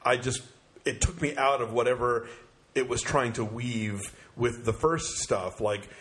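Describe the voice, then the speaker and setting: Man, podcast film critic, casual chat, blunt, opinionated, hesitant fillers, mid-pitched voice. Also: unhurried, a bit bright. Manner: blunt, opinionated, many ums and uhs.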